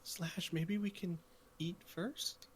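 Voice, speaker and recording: A man voicing a small, eager female wolf-creature who sounds high, excited and proud. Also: unhurried, heavily acted. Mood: pleading.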